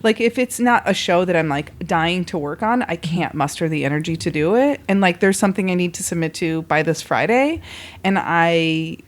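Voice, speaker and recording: A woman's voice: fairly low pitch, lively intonation, normal speed. A woman guest on a podcast, chatting in a laid-back, joking way and laughing between sentences. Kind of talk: casual chat.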